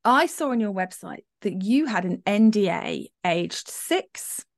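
A woman hosts a casual podcast interview, and her voice swoops up and down as she reacts. She is quick to respond and to laugh along. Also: mid-range voice, animated, gravelly, no echo, studio quality. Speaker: podcast host.

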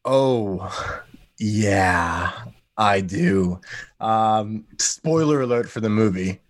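An American man guesting on a podcast, talking in a rambling, animated way with sudden jumps in pitch. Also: very slow, dry recording, studio quality. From United States. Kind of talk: casual podcast chat.

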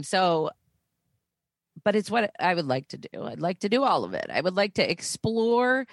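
A woman's voice: lowish voice, very animated, normal speed, no echo. A young woman co-hosting a podcast, chatty and self-deprecating, swearing casually as she talks. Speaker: podcast co-host. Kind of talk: casual chat.

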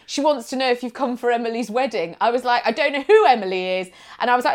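A woman's voice: a little high, quick pace, few pauses. A woman telling a holiday story in casual chat, acting out the people she quotes and laughing often. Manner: animated storytelling, bursts into laughter, acts out quotes.

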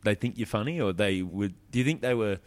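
Aussie male comic, really low voice, easygoing yarn-telling. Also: brisk, no room sound. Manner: relaxed anecdotal storytelling. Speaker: comedian. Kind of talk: casual chat.

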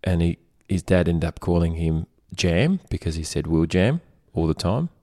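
A man's voice: low-pitched, animated, normal speed, darkish tone. A man co-hosting a podcast in casual chat, joking around and telling rambling stories. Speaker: podcast co-host.

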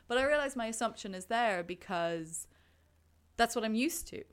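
A woman's voice: a little high, expressive, normal speed, clean tone. A woman co-hosting a podcast, chatting casually about a movie and acting out her own thoughts, with lots of fillers. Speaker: podcast co-host.

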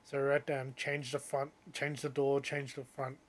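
A young man telling a story in casual chat, animated and getting loud when he quotes other people. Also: mid-range voice, moderate pace.

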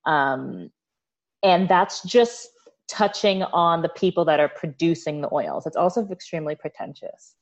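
An American woman telling stories as a podcast guest, animated and quick to laugh. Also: deep voice. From United States. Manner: animated storyteller, laughs often. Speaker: guest, olive oil producer. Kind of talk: casual interview storytelling.

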